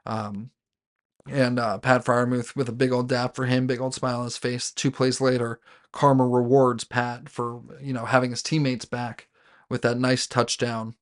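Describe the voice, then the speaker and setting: A man's voice: mid-range voice, level tone, a little slow. A man hosting a sports podcast, giving a casual solo recap of his team's game. He rambles as a fan, with many fillers and restarts. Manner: rambling, with frequent fillers and self-corrections; fan talking about his team as "we".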